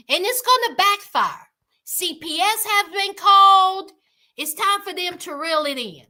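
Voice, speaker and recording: A woman hosting a livestream, chatting casually with viewers and calling them by name, animated and exclaiming. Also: very high-pitched. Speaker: livestream host. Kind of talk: casual commentary chat with viewers.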